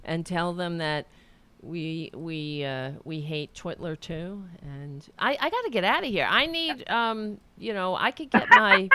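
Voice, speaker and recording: A woman's voice: on the low side, lively intonation, measured pace, noisy background. A woman hosting a show, chatting casually, flustered and joking. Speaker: host. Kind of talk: casual chat.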